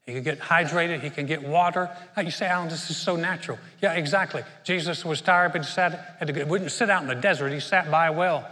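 A man's voice: fairly high pitch, brisk, hardly any pauses, bright, forceful tone, in a large hall. A man preaching a sermon, telling a story in a conversational way with frequent restarts and repeated words. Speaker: pastor.

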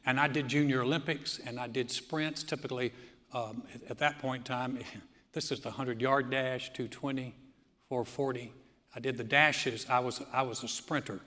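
A man's voice: mid-range voice, normal speed. A man in his sixties preaching a sermon, telling stories with laughs and frequent restarts. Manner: animated storytelling with laughs and restarts. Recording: long hall reverb.

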